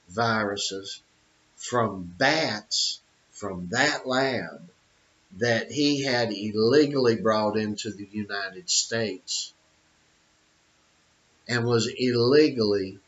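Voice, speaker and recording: A man's voice: lowish voice, fairly bright tone. A middle-aged man giving an opinionated monologue, emphatic, with repeated phrases and many fillers. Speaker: channel host. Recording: dull lo-fi audio.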